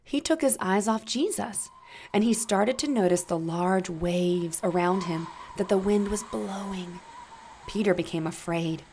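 Slow, gentle woman reading to children. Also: mid-range voice, slight background noise. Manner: slow, gentle and interactive with young listeners. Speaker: children's storyteller. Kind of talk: children's Bible story narration.

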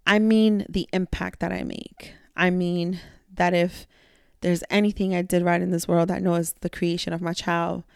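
This is a woman talking through a solo podcast episode in a relaxed, heartfelt way, mixing slang and the odd curse. Her voice sits a little low with a gravelly texture. The sound is close and dry. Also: moderate pace, no room sound. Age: adult, a mother. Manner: candid, reflective, slangy with profanity. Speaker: podcast host; mentor to young women. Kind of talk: casual solo podcast monologue.

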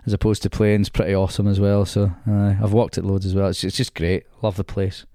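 A man's voice: on the low side, level tone, brisk, mellow, no echo, studio quality. A man talking casually about golf courses as a podcast guest, chatty and laughing often, with stammering restarts.

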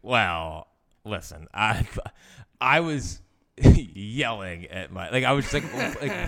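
A man's voice: fairly low pitch, expressive, slow, vocal fry, fairly bright tone. A young man co-hosting a sports podcast, rambling in casual chat and venting his frustration as a fan.

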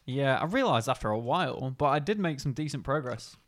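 A man's voice: medium pitch, animated, brisk. A man chatting casually about a video game in a laid-back, agreeable way, swearing now and then.

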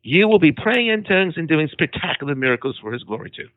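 A man telling a dramatic personal testimony as a guest, calling in over the phone, emphatic and animated. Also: a little high, quick pace, dry recording. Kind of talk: storytelling testimony. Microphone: phone call. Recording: tinny phone line.

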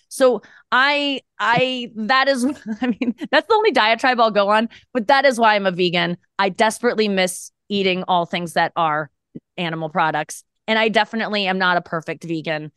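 A woman's voice: mid-range voice, a little fast, a bit bright, smooth, no echo, clean studio sound. A woman in her thirties, a comedian guest on a podcast, talking in a candid, rambling and self-mocking way. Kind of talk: casual podcast chat.

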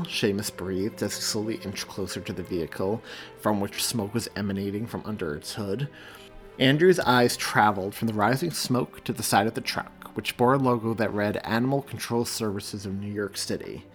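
A man, the author, reading his own story aloud in a measured, steady audiobook narration. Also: on the low side, soft background music.

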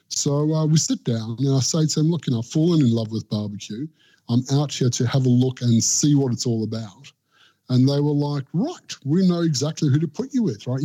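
A middle-aged Australian man tells a long, rambling story in a relaxed interview. His voice is mellow and dark, with an everyday pitch, and he slips into quoted voices as he goes. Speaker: barbecue pitmaster and guest.

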